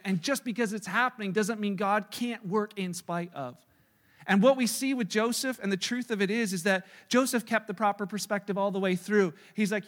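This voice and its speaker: A man in his thirties preaching a sermon as pastor, animated and acting out quoted voices, swinging from loud to soft. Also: high-pitched, long reverb tail.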